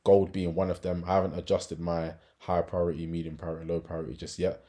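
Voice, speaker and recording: A man's voice: low voice, flat delivery, fairly quick, dark tone. A man giving a casual market analysis walkthrough as a trading educator, chatty, with frequent tag questions and fillers.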